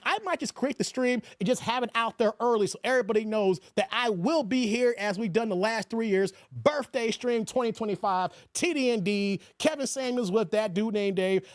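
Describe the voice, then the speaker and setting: A man hosting a casual live stream, talking in an animated, joking way and mimicking other voices. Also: very high voice, dry recording, clean studio sound. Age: 40s. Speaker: YouTube commentary host.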